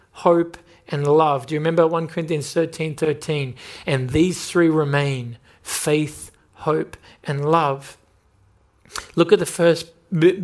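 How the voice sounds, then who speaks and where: A male pastor preaching a sermon, earnest and pressing direct questions at his listeners. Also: fairly high pitch.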